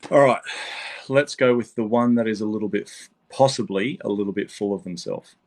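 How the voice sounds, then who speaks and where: A man's voice: on the low side, fairly quick. A man giving a casual psychic tarot reading, rambling and repeating himself, swearing freely.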